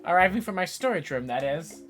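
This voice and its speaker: A woman's voice: on the low side, expressive, fairly quick, lightly acted. A woman voicing a cheery, overly polite lodge keeper, reading game dialogue aloud with an affected accent and a grand hospitable manner. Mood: grandly welcoming.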